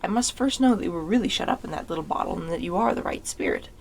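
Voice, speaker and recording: A woman's voice: fairly low pitch, animated, fast. A woman voicing a clever, eager young schoolboy in a storybook reading. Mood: firm.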